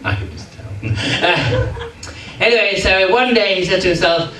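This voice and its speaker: Speaking at a normal speed in a high-pitched, sharp-toned voice, an English comedian spins a funny story for a live crowd. He comes across chatty, teasing and mock-pompous, captured from a distance in a reverberant hall full of people.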